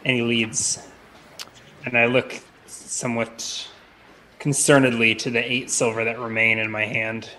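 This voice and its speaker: A man's voice: medium pitch, level tone, measured pace, bright, forceful tone, slight background noise. A man playing a tabletop role-playing game, casual and hesitant, with dry jokes. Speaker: player.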